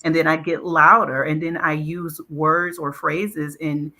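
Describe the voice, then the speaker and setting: A woman's voice: deep voice, fairly even intonation, unhurried, sharp tone. A woman speaking as a panelist in a talk show discussion, thoughtful and stressing key words as she adds her points.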